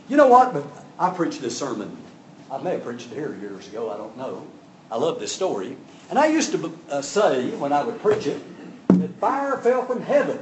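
A man preaching a sermon, telling the story with big swings from loud to soft. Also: a little high, slight background noise. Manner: dramatic storytelling with sudden loud rises and soft drops. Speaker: pastor. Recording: echoey room, voice from a distance.

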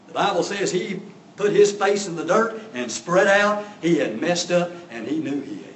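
A man's voice: sits high, lively intonation, normal speed, slight background noise. A man preaching a sermon, telling the story with drama and acting out voices. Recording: echoey room from a distance.

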